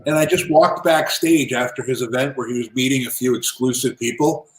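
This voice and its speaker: A man telling lively business anecdotes as an interview guest, in a casual, animated manner. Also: mid-range voice, fairly quick. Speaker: guest, entrepreneur and author. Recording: roomy echo.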